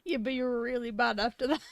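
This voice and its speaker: A woman's voice: on the high side, dry recording. A woman chiming into a casual chat, teasing and laughing.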